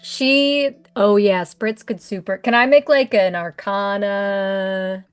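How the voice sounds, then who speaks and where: A woman's voice: mid-range voice, steady tone, slow pace, clean tone, dry recording, faint music behind. A woman player in a tabletop game, talking playfully.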